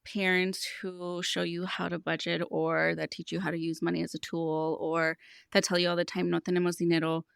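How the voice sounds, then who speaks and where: A woman's voice: fairly low pitch, little pitch movement, moderate pace, gravelly, a bit bright, smooth, dry recording, clean studio sound. A woman in her thirties, a money coach speaking as a podcast guest, telling stories in an earnest, explanatory way. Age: 30s. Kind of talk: casual podcast conversation.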